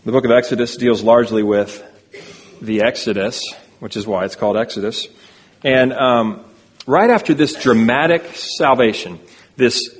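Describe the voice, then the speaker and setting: A man's voice: mid-range voice, long reverb tail, slight background noise. A man preaching a sermon as a pastor, reading scripture aloud and explaining it earnestly in a church sanctuary.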